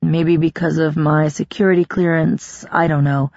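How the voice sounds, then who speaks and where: A reader doing a halting, guarded woman. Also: low voice, level tone, darkish tone, no echo, dull audio. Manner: reluctant, halting. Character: woman, guarded doctor, reluctant.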